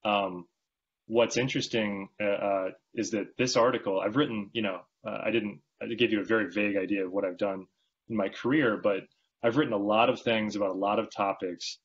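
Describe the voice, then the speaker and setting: A male magazine writer talking as a podcast guest in casual interview chat, telling rambling, animated stories with many restarts. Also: lowish voice, a little fast, slightly rough, muffled recording.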